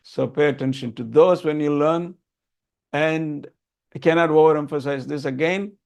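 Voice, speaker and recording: Older man, gravelly teacher. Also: on the high side, moderate pace, a little mellow. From Tamil Nadu, India. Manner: earnest, emphatic, repeats key points. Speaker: Vedic chanting teacher. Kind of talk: explaining a lesson to a group.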